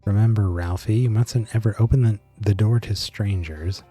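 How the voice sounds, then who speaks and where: A man reading the lines of a prim, calm mother heard over an old radio, lecturing gently. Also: on the low side, moderate pace, slightly rough, soft background music.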